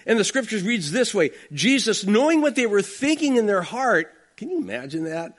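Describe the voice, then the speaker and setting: A man's voice: high-pitched, big pitch swings, moderate pace. A man preaching an expository sermon, talking emphatically and conversationally, with frequent asides to the congregation. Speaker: pastor.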